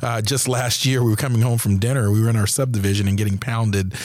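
Low-voiced halting podcast host. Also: male voice, fairly even intonation, darkish tone, dry recording, clean studio sound. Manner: halting, repeats words. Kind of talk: interview hosting.

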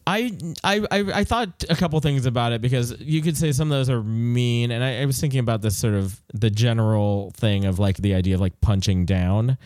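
A man's voice: mid-range voice, fairly quick, hardly any pauses, darkish tone, dry recording, studio quality. A man talking casually about a film, rambling with frequent restarts. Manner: rambling, restarts often, lots of "like". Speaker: podcast co-host.

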